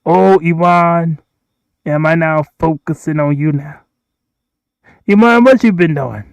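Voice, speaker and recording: A man's voice: fairly high pitch, slow pace, creaky, smooth, no room sound. A man hosting a rambling solo livestream, repeating himself and pleading with the countries he addresses. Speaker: livestream host.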